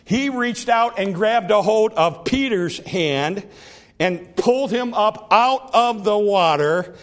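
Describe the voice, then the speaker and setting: A man's voice: sits high, expressive, takes it slowly. A middle-aged man preaching a sermon, counting off numbered points and acting out quoted speech with rising emphasis.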